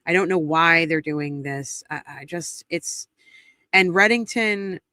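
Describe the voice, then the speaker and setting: A woman hosting a recap show, speaking in blunt, indignant casual commentary and swearing freely. Her voice is bright and sharp. The recording is close and dry, with no room sound. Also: sits low, slow pace, dry recording. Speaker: trial recap host.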